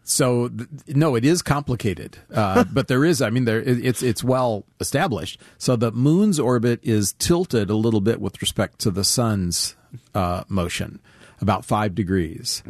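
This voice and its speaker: A man's voice: mid-range voice, unhurried, darkish tone, no echo, clean studio sound. An older man, an astronomy expert guest on a radio show, explaining thoughtfully with some hesitation. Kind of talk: radio interview answers. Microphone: studio microphone.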